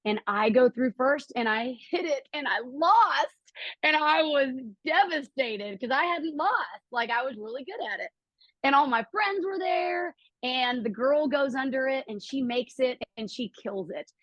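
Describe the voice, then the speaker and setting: Woman, middle-aged, podcast guest, storytelling, acts out quotes, fairly high voice, dry dull audio. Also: unhurried, no room sound. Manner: animated, acts out quotes with lively pitch jumps.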